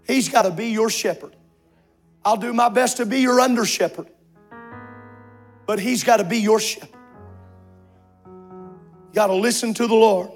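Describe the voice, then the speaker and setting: High-voiced preacher with music behind. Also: male voice. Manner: impassioned, rising to shouts with long drawn-out words. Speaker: pastor. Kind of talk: sermon. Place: church sanctuary with congregation.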